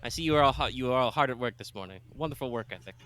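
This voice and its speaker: A man's voice: medium pitch, a bit bright, clear, resonant tone, lightly acted. A man doing a gracious courtly lord. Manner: flowery, polite, drawn-out courtesy.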